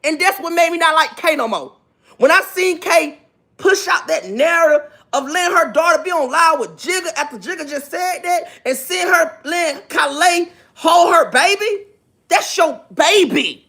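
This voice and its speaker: A woman speaking on a gossip livestream with a noticeably high voice. She lectures her viewers in a preachy, insistent way and circles back to repeat each point for emphasis. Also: expressive, normal speed, a bit bright. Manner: preachy, repetitive, emphatic, asks for amens. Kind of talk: livestream commentary.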